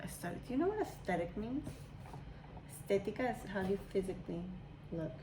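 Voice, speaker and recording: A woman's voice: medium pitch, fairly quick. Woman in her thirties, chatty mom, casual talk, faint background hiss. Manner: chatty, animated storytelling with imitations. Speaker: mother, channel host. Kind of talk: casual chat.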